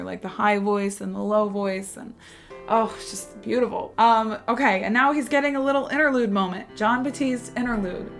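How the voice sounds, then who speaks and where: A woman talking casually and excitedly to her viewers while reacting to an album. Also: medium pitch. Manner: chatty and excitable, talks to viewers directly. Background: faint music playing.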